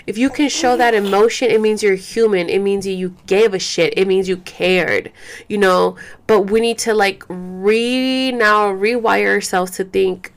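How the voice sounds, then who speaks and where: A woman's voice: medium pitch, measured pace. A young woman at home, talking candidly to her viewers in a loose, casual way, full of fillers and swearing. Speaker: vlogger. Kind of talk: casual talk to camera. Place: home, caring for a baby.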